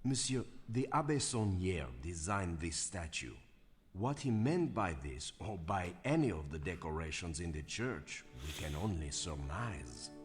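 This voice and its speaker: An actor playing a polite, formal male church guide in a video game, courteous and measured. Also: low voice, sing-song. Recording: reverberant game audio with music.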